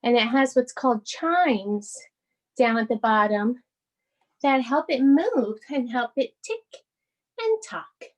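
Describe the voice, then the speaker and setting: A woman guides children through a bedtime yoga session in a soft, soothing, sing-song voice. She speaks high and unhurried, drawing out each phrase as she reads a picture book between poses. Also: lively intonation. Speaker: yoga instructor. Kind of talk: children's bedtime yoga class with storybook reading.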